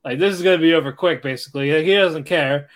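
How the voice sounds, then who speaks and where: A man co-hosting a podcast in casual chat, giving short replies and brisk play-by-play recaps. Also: a little high. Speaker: podcast co-host.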